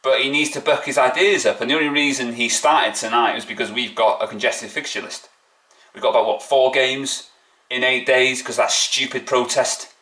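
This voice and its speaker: A man's voice: mid-range voice, normal speed, pushed and bright, echoey room. A man, a football fan vlogger ranting after a match, mocking and indignant, full of rhetorical questions. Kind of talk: opinionated fan rant.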